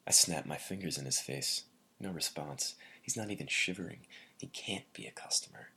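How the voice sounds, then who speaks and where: A man reading a first-person literary story in a measured way, often sinking to a breathy near-whisper. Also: extremely low pitch, pushed and bright. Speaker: narrator.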